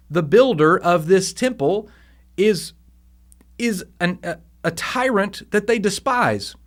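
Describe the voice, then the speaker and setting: A man hosting a devotional podcast, teaching scripture in a casual, animated way with frequent restarts. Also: high-pitched, measured pace. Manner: conversational, animated, with fillers and restarts.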